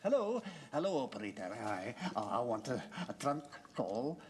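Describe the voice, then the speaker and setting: An actor playing a canny elderly Scotsman with a Scottish accent and a drawn-out, theatrical delivery in a 1970s TV sitcom. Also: mid-range voice, big pitch swings, slight background noise, close to an everyday voice.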